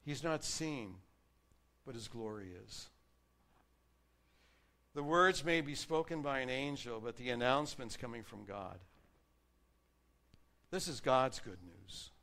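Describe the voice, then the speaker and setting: A man preaching a sermon, earnestly reading and explaining scripture, varying his loudness for emphasis. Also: medium pitch, slow, long pauses.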